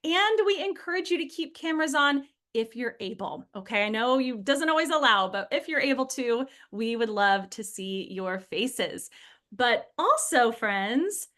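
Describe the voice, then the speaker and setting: An enthusiastic woman from Michigan hosts a live online webinar, her voice high and bright. She talks with bubbly energy over a video call, calling out attendees by name. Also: expressive, a little slow. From Michigan, USA. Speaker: webinar host. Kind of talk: upbeat live webinar hosting.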